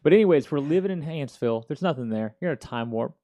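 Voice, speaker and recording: A man in his thirties hosting a casual talk show, telling a story in an animated, slangy way. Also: on the high side, quick pace. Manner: slangy, animated, peppered with "dude" and "yo". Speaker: podcast host.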